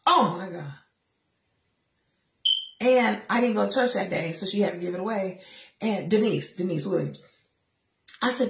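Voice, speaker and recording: A woman giving a lively motivational talk, telling personal stories and acting out the voices of the people in them. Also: medium pitch, normal speed, vocal fry, long pauses, reverberant. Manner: lively storytelling, acts out voices, preachy asides. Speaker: motivational speaker.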